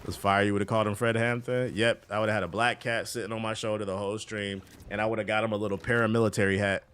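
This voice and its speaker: A man's voice: lowish voice, quick pace, a little hiss or hum. A man streaming a game, chatting casually and profanely with his chat while he plays. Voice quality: profane, loose and animated.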